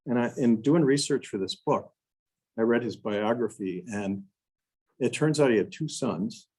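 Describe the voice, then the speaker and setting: An older man from Wisconsin giving a storytelling talk to a club, animated and full of restarts and asides. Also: medium pitch, unhurried, breathy edge, low-quality recording. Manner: animated storyteller, acts out quotes, frequent "you know" and restarts. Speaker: guest speaker.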